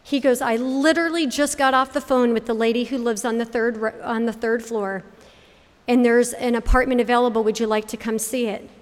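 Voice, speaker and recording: A woman's voice: fairly high pitch, steady tone, a little fast. A middle-aged woman from Connecticut telling a personal faith testimony, acting out the voices of the people in her story. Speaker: speaker giving a faith testimony. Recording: hall reverb.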